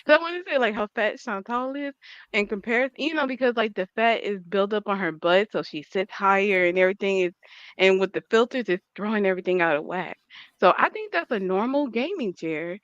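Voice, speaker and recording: A woman's voice: mid-range voice, expressive, fairly quick, fairly bright tone, no echo. A woman co-hosting a casual commentary stream, rambling and hesitant with many fillers. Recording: dull lo-fi stream audio.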